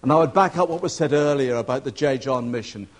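A man preaching a sermon, telling a story and acting out the voices in it. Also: fast talker. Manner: storytelling preacher, acting out shouts and quotes with rising pitch.

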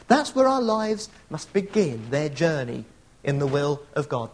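A middle-aged man preaching with an earnest, chatty warmth of delivery. His voice sits fairly high and swings widely in pitch, rising and falling with his points. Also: slightly rough. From England. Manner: earnest, conversational, storytelling asides. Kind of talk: sermon.

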